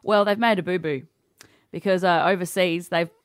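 A woman's voice: on the low side, fairly even intonation, normal speed, no room sound, clean studio sound. An Australian woman co-hosting breakfast radio, chatting in a playful, casual way. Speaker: radio co-host.

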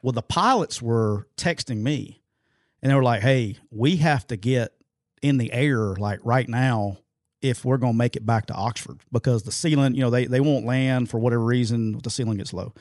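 A man's voice: mid-range voice, moderate pace, a little mellow, no echo, clean studio sound. A middle-aged man co-hosting a sports podcast, telling stories in a loose, rambling way full of fillers and restarts. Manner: rambling anecdotal storyteller, many fillers and restarts. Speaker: podcast co-host. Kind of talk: casual sports podcast storytelling.

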